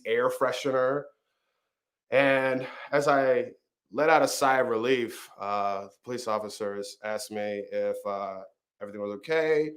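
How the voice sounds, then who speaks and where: A man's voice: medium pitch, a bit bright. A man, a comedian and storyteller, telling a personal story and then chatting casually in an interview. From Arizona. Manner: vivid storyteller, acts out the people he quotes.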